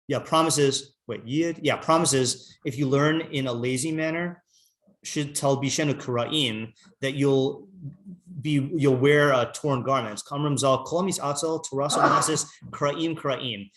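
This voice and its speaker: A rabbi leads a small morning study class at a conversational pace. He reads Hebrew lines, then explains them in English while thinking aloud, full of fillers and restarts. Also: mid-range voice. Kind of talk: casual Torah class.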